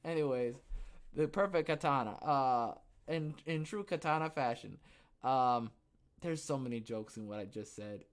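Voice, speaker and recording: A young man hosting a casual livestream podcast, rambling and joking, who bursts into loud, excited outbursts. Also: medium pitch, moderate pace, smooth. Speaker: podcast host.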